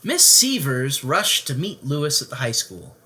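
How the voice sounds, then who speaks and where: A bedtime story reader who reads a picture book aloud. The delivery is expressive, and the pitch rises and falls in wide, animated swings. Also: unhurried.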